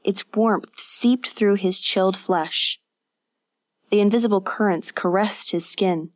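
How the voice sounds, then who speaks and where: A woman narrating a scripted story in a measured, vivid reading. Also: mid-range voice.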